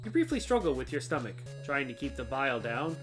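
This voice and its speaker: A woman's voice: a bass voice, very animated, fairly quick, soft background music. A woman streamer reading a video game's story text aloud, with playful asides. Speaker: streamer and game developer.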